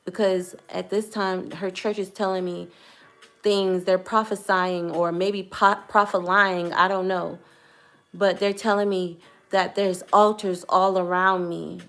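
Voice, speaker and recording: Gravelly young woman telling her testimony. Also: fairly low pitch. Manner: earnest, hesitant, careful with words. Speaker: vlogger. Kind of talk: personal testimony storytelling.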